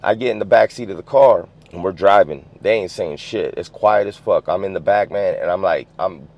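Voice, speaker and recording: A man's voice: low voice, normal speed, darkish tone. A man from the US West Coast telling a story in casual, streetwise slang, swearing freely and filling with "you know what I'm saying". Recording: dull lo-fi sound.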